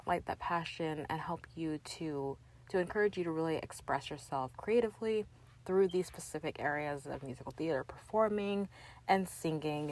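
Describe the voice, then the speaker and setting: A woman's voice: fairly low pitch, a little mellow. A young woman hosting her own podcast, talking earnestly and encouragingly straight to the listener in a loose, chatty way. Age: young adult. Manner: loose and talky, with fillers and restarts. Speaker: podcast host. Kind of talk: casual solo podcast chat.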